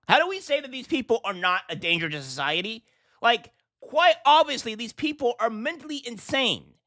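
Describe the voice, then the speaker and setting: A man's voice: sits high, pushed and bright, no echo, clean studio sound. A man hosting a reaction commentary vlog, talking in an indignant, ranting way with rhetorical questions. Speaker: political commentary host.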